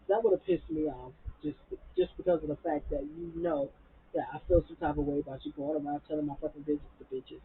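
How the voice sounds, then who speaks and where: A woman recapping a reality TV episode in a casual, animated and profane way, getting heated as she talks. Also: deep voice, a little fast, creaky, a little hiss or hum. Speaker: TV recap vlogger. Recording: phone-like lo-fi audio.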